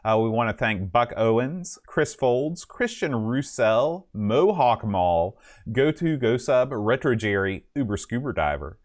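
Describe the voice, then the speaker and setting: A man's voice: medium pitch, lively intonation, unhurried. A man hosting a live podcast stream in casual chat, rambling and self-deprecating with many fillers. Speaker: podcast host.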